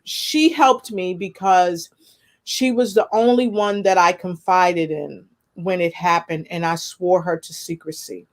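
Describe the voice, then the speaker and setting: A woman's voice: lowish voice, a little slow. Earnest woman telling a personal story. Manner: earnest, expressive storytelling with spiritual references. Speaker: guest. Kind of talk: personal testimony in conversation.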